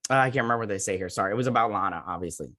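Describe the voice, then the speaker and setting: A man's voice: on the low side, rapid-fire, sharp tone. Rambling, filler-heavy male TV reviewer. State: sore throat. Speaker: YouTube TV review host. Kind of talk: casual episode breakdown and review.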